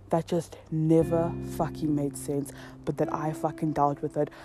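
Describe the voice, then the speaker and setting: A young woman telling a casual storytime to her viewers, swearing a lot and acting out the quotes. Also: low voice. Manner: heavy swearing, animated storytelling with acted quotes. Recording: music playing behind.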